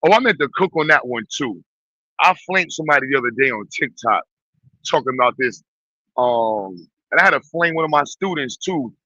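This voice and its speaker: New york dude ranting, cussing a lot, sharp bright voice, kinda muffled dry mic. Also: male voice, a little high, dry recording. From Brooklyn, New York. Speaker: host. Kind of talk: casual ranting commentary. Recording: dull, muffled dry sound.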